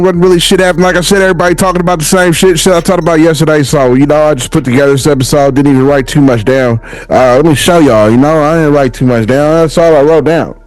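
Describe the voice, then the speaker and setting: A young American man hosting a solo podcast, ranting casually and profanely and laughing often. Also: on the high side. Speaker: podcast host.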